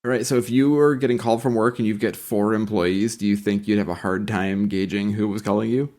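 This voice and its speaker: A man's voice: fairly low pitch, fairly even intonation, a little fast, darkish tone. Joking man in a podcast chat. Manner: joking, acts out quoted lines. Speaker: podcast co-host. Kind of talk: casual chat.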